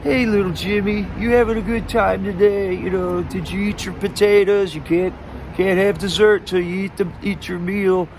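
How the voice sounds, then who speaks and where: A man's voice: sits high, steady tone, moderate pace, darkish tone, a little hiss or hum, voice pushed up, low-quality recording. A man voicing an adult talking in a sing-song, sugary way to a small child.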